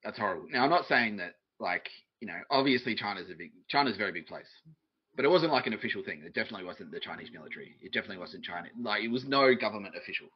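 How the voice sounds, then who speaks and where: A man's voice: on the low side, lively intonation, racing, slightly rough, muffled recording. A man, hosting a podcast stream and rambling through a comic monologue, swearing often and laughing at his own jokes. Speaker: podcast host streaming live. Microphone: desk microphone.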